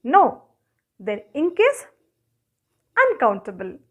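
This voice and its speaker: A woman with an Indian English accent teaches a grammar lesson in a classroom, counting objects aloud and answering her own questions. Her high voice swoops wildly in pitch, and she speaks slowly.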